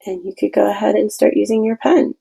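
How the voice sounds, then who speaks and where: A woman with a low, gravelly voice walks through a craft tutorial while she paints. Her tone is dark and mellow with a husky edge. She talks in a chatty, meandering way and restarts her sentences often. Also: level tone, brisk, low-quality recording.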